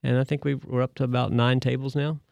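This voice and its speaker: A man serving as a deacon, answering questions in a measured, thoughtful way. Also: medium pitch, level tone, creaky, darkish tone, no room sound. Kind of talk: conversational interview answer.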